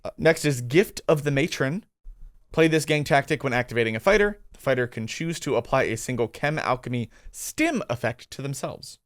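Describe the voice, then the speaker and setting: A man's voice: mid-range voice, lively intonation, moderate pace. A man co-hosting a casual tabletop gaming talk, reading rules aloud and then chatting about them, laughing easily. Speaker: co-host.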